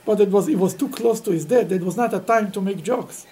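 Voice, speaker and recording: A man teaching a Talmud class to students, telling stories in an animated way and laughing often. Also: high voice, a little fast, a little hiss or hum, low-quality recording. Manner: animated, laughing, Yiddish-sprinkled storytelling.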